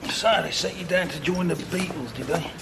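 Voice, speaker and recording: An actor playing a cheeky veteran firefighter with a London accent, talking in mocking banter. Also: male voice, fairly high pitch, normal speed, vocal fry, noisy background.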